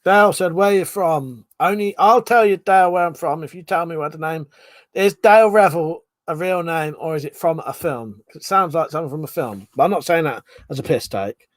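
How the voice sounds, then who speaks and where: A man from Buckinghamshire, England hosts a livestream with a brisk, somewhat high voice, recorded dry and clean in a studio. He chats casually, reads out viewer comments, laughs a lot and swears freely.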